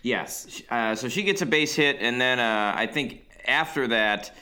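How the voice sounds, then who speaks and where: A man's voice: medium pitch, measured pace, sharp tone. A man co-hosting a podcast, chatting casually and laid-back, chiming in and correcting details. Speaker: podcast co-host. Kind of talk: casual chat.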